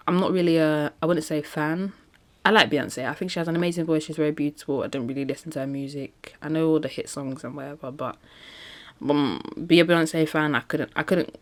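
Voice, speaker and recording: A woman talking casually in a solo podcast, chatty and emphatic, often laughing between points. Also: deep voice. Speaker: podcast host.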